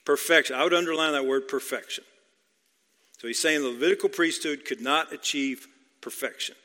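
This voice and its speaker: A man's voice: medium pitch, fairly quick, bright, forceful tone. Preaching man in a reverberant hall. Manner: emphatic, repeats key phrases, asks the congregation questions. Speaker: pastor. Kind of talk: expository sermon.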